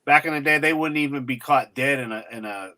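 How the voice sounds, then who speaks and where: A man's voice: medium pitch, brisk, sharp tone. A man hosting a podcast, talking in crude, rambling, joking casual chat. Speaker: podcast host.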